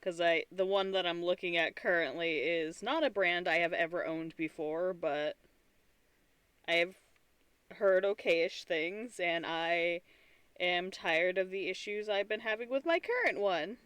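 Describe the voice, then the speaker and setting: A tired woman, a streamer and artist, chats casually on a live stream, rambling with frequent restarts and giggly asides. Her voice is on the low side, a bit bright and smooth, and she speaks a little slowly. There's no room sound.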